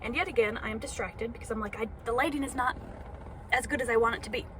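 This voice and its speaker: A woman's voice: a little high, fast talker, fairly bright tone, a little hiss or hum. A young woman vlogging from inside a parked car, rambling and self-conscious with lots of fillers, talking into her phone. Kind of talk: casual vlog monologue.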